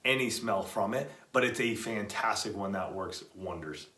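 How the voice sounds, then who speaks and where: A man's voice: lowish voice, moderate pace, pushed and bright, roomy sound. A middle-aged man co-hosting a show, casually giving practical tips in an easygoing way. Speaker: podcast co-host. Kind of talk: casual product chat.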